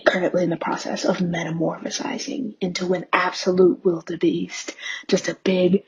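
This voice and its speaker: A woman doing a dramatic comic monologue in breathy half-whispers. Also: on the low side, flat delivery, normal speed. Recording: dull lo-fi sound.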